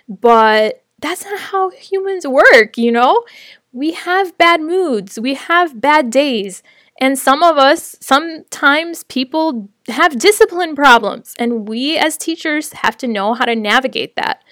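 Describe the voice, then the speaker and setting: A woman's voice: high-pitched, expressive, a little slow, a bit bright, no echo, clean studio sound. Chatty woman giving teaching tips. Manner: friendly, conversational, laughs between points. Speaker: online English teacher. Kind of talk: casual teaching tips to camera.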